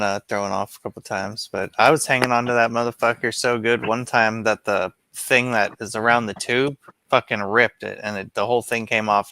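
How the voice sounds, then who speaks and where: Gravelly-voiced man rambling profanely. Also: fairly low pitch, pushed and bright, slight background noise. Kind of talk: casual chat.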